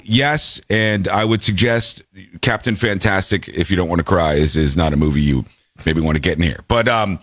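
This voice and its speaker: A man's voice: moderate pace, a bit bright, dry recording, studio quality. A male show host talking in a playful, jokey way, with a stuffy, congested voice. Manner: playful, jokey, swings pitch widely. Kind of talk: casual comedic show banter.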